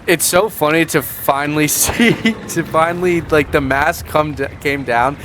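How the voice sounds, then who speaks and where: A man's voice: fairly high pitch, normal speed, a bit bright, a little hiss or hum. Sarcastic man vlogging a reaction. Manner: sarcastic, rambling with restarts. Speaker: commentary vlogger. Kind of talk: casual reaction commentary.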